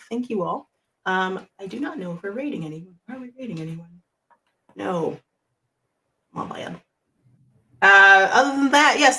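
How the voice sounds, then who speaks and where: A woman's voice: on the low side, vocal fry. A woman hosting an actual-play show, giving a rambling, emotional, casual sign-off and swearing freely. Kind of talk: casual end-of-stream sign-off.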